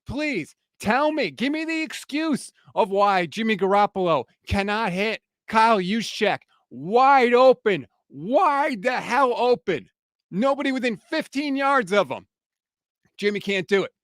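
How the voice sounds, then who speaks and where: A man's voice: high voice, expressive, a little slow, a bit bright, dry recording, studio quality. A man hosting a sports podcast, delivering a heated, fired-up post-game reaction rant.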